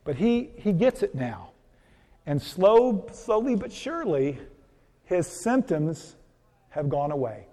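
High-voiced man speaking in a reverberant hall. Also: big pitch swings, takes it slowly, mellow. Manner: folksy, repetitive, asks the audience questions. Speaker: physician giving a church health seminar. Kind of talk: conversational seminar talk with storytelling.

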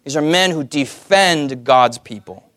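Lively man preaching, dry close sound. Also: a little high, unhurried, dry recording. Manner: lively, asks the audience "amen?" often, jokey asides. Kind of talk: sermon.

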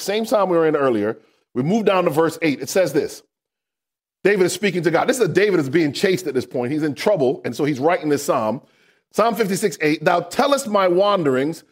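Male preacher, high tenor, very lively delivery, call-and-response sermon, bursts into shouts. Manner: rises to shouts for emphasis.

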